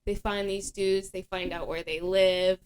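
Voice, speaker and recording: A young adult woman hosts a casual podcast chat at an ordinary mid pitch. She rambles in an animated way, stacking fillers as she explains. Her tone is loose and conversational. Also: measured pace, slight background noise. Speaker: podcast host.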